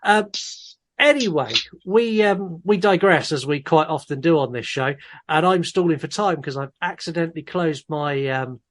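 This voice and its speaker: A man's voice: on the high side, normal speed. Jokey man co-hosting a podcast. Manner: jokey, rambling, self-deprecating. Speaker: podcast co-host. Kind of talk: casual podcast chat.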